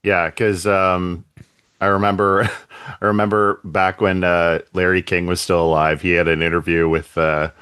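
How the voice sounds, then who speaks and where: A man's voice: sits low, flat delivery, normal speed, fairly bright tone, smooth, no room sound. A man co-hosting a podcast, recapping an episode in chatty, filler-heavy casual talk. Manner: chatty, filler-heavy, acts out quotes in silly voices. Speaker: podcast co-host.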